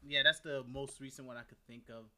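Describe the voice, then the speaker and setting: A young man in casual chat, animated and teasing, laughing often and swearing freely. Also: medium pitch, fast, a crowd in the background.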